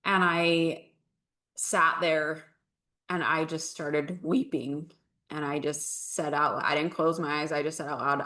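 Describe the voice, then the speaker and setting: A woman with a notably low voice speaks as a podcast guest. She shares a personal experience in an earnest, confessional tone and takes her time over the heavy moments. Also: fairly even intonation, slow pace, sharp tone. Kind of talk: candid personal storytelling.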